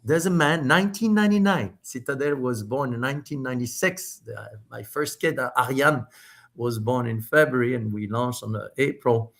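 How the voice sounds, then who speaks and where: Animated middle-aged man. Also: mid-range voice, creaky. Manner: animated, quick bursts with many restarts and fillers. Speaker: spirits company founder, podcast guest. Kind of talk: storytelling in a casual interview.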